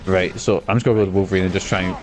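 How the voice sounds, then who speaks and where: A man's voice: low voice, steady tone, rapid-fire, over music. A man chatting casually while streaming a game, enthusiastic and swearing freely. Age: adult. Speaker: gaming streamer. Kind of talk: casual gameplay commentary.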